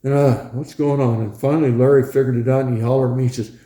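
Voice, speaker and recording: An older man, once a pilot, reminisces in a relaxed, chatty way, chuckling often and acting out the scenes as he goes. His voice is dark and mellow, at a middling pitch for a man. The sound is roomy, with a clear echo around him. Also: fast. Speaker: former pilot recounting a research flight. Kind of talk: casual reminiscing storytelling.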